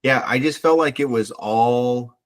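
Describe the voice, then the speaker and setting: A man co-hosting a podcast in casual chat, animated, acting out characters' lines. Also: mid-range voice, measured pace. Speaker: podcast co-host.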